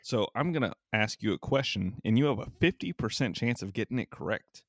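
A man's voice: mid-range voice, expressive, brisk, dry recording, studio quality. A man co-hosting a casual sports podcast, teasing and laughing often as he talks. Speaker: podcast co-host.

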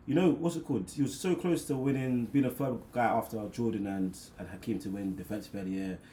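A man's voice: medium pitch, fast talker, dark tone. A man chatting casually about basketball, rambling and thinking aloud with fillers. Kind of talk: casual sports chat. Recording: echoey room with faint noise.

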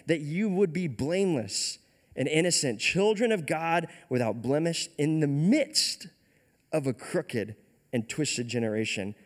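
A man's voice: a little high, lively intonation, a little slow. A man preaching a casual retelling sermon, conversational and often checking in with "right?". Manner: conversational, keeps asking "right?". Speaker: pastor.

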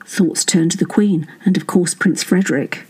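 A woman's voice: on the low side, steady tone, normal speed, a little mellow, slightly rough, poor audio. A woman narrating a satirical serial story in a wry, dry manner, voicing the dialogue herself.

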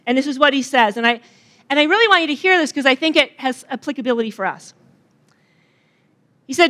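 A middle-aged woman talks to a gathered audience in a loose, joking way, trading banter with them as she goes. Her voice sits high and sounds bright and forward. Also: expressive, fast, pauses often. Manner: chatty and joking, bantering with the crowd. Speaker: retreat speaker. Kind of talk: conversational opening talk to an audience.

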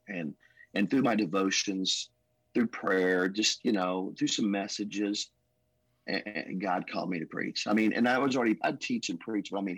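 A man who is a pastor telling his life story in an emotional, earnest way, with a husky voice. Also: fairly low pitch, a bit bright, no room sound, poor audio. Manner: emotional, earnest, says "man" and "bro" often. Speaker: pastor, podcast guest. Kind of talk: testimony storytelling.

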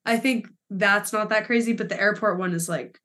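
Young woman telling a story, animated. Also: medium pitch, normal speed. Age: young adult. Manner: animated storytelling, laughing and swearing. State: emotional. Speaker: podcast co-host. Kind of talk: casual chat.

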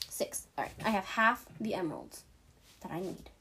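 A teenage girl talks her way through a video game in a loose, chatty stream of commentary. Her voice has a soft, breathy, slightly husky edge. She giggles often and pokes fun at her own mistakes. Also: mid-range voice, big pitch swings, moderate pace. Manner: chatty, giggly, self-mocking. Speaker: gaming streamer. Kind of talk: casual gameplay commentary.

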